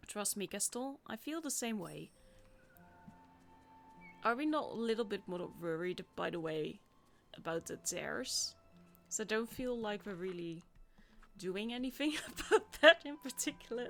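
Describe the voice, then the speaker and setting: A woman's voice: medium pitch, expressive, a little slow, vocal fry, fairly bright tone, soft background music. A woman giving casual, chatty commentary while playing a video game, with rambling asides. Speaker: gameplay streamer.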